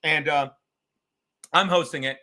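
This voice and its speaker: High, bright-voiced man telling a story. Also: a little slow. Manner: animated, profane, acts out quotes. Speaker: podcast host. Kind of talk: storytelling comedy chat.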